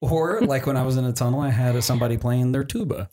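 A man co-hosting a podcast, arguing his points in casual banter with dry, stubborn, deadpan logic. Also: mid-range voice, quick pace, a little hiss or hum. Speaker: podcast co-host. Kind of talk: casual banter between partners.

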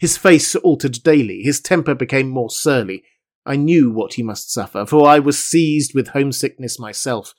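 A man narrating a classic novel in the first person, with a measured and formal delivery. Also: mid-range voice, lively intonation. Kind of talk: audiobook reading of a classic novel.

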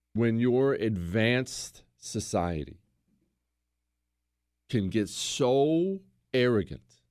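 A man's voice: lowish voice, no echo, studio quality. An American man hosting a political talk show, speaking emphatically and acting out quotes. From United States. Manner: animated, emphatic, acts out quotes.

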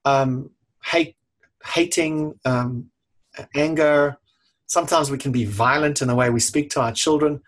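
A man's voice: on the high side, steady tone, unhurried, fairly bright tone. A middle-aged man, a leadership coach, talking frankly and casually, swearing freely and acting out little exchanges. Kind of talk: casual talk to camera.

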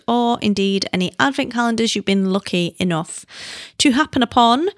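A woman's voice: medium pitch, no room sound, studio quality. A woman in her thirties hosting a podcast, chatting casually and rambling into giddy tangents. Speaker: podcast host. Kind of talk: casual chat.

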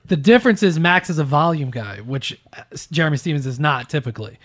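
A man working as a show producer, giving measured, reasoned fight picks in casual chat. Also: on the high side, animated, fairly bright tone.

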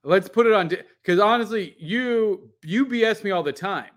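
Male podcast co-host with a slightly raised voice, rambling and animated, swears casually. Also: high-pitched, moderate pace. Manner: animated, rambling storyteller with lots of "like". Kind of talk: casual chat.

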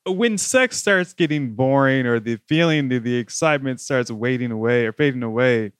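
A man's voice: medium pitch, normal speed, clean tone, dry recording, studio quality. A man co-hosting a podcast, asking rambling, curious questions. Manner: inquisitive, asks rambling questions. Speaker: podcast co-host. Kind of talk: casual chat.

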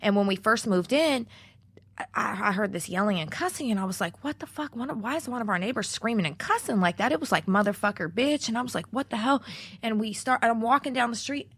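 A woman's voice: fairly high pitch, animated, fast talker, a bit bright, husky, no room sound. Profane, storytelling young woman. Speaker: podcast co-host. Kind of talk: casual chat.

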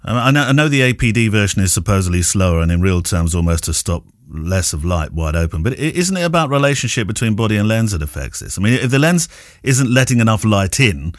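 A man's voice: on the low side, fast talker, dry recording, clean studio sound. A man co-hosting a photography podcast, chatting casually and joking while he asks questions. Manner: jokey, asks questions, lively intonation. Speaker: podcast co-host. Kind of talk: casual chat.

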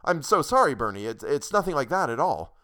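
A man's voice: a little high, very animated, a little fast, bright, forceful tone, voice pushed up. A man voicing an effusive, fatherly older boss who apologizes over and over. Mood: apologetic. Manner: effusive, apologetic, repeats himself.

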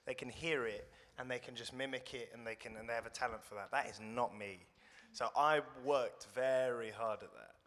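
British man, bright voice, reverberant room. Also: medium pitch, moderate pace. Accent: British English. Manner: thoughtful, self-deprecating, rambling with restarts. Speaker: guest actor. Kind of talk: casual interview chat.

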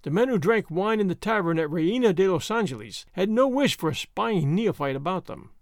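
A man reads a novel aloud as a dramatic storyteller. His voice sits high and moves a lot, and the recording is dry and close, with no room sound. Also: expressive, brisk, dry recording. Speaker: audiobook narrator. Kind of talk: scripted narration.

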